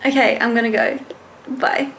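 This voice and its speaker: A woman's voice: fairly high pitch, steady tone, normal speed, vocal fry, over music. A woman talking casually to camera at home in a rambling, chatty small-business vlog. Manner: chatty and rambling, loses her train of thought.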